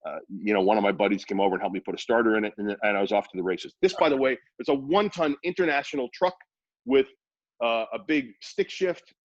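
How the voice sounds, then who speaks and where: A man in his fifties with a lowish voice, spinning rambling, animated stories from his radio career. The recording is dry and a little dull, with no room sound around him. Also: fast, no room sound. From Worcester, Massachusetts. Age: 50s. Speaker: radio personality guest. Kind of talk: casual storytelling interview.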